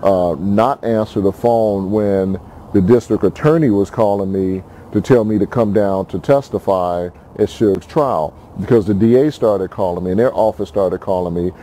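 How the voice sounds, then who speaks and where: A man calmly recounting past events in an interview, in a measured, halting way with frequent restarts. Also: fairly low pitch, a little hiss or hum.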